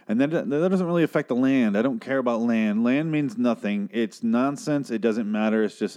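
A man's voice: lowish voice, a little mellow. Rambling, cursing man recapping a show. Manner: rambling, profane, opinionated. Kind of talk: casual episode recap.

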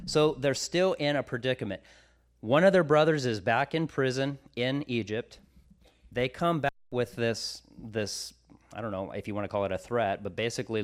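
A man's voice: medium pitch, moderate pace. Casual-speaking male preacher. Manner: casual, paraphrases scripture in everyday slang. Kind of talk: sermon with scripture reading.

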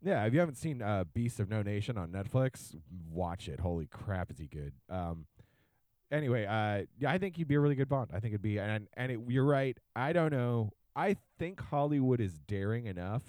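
A man co-hosting a podcast in casual chat, joking and swearing freely with an animated manner. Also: mid-range voice, normal speed, no room sound.

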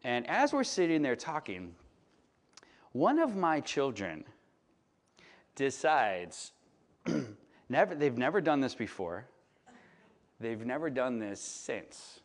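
A man in his late thirties from Chicago, preaching in a relaxed storytelling way and often asking the audience "right?" and "you know?". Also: medium pitch, slow pace, long pauses. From Chicago, United States. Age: late 30s. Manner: chatty, filler-heavy, asks the audience "right?". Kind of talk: conversational sermon storytelling.

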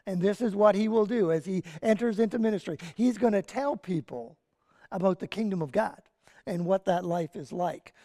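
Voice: medium pitch, normal speed, warm tone, in a large hall. A pastor giving a sermon and telling a story with animation and casual asides. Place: church sanctuary.

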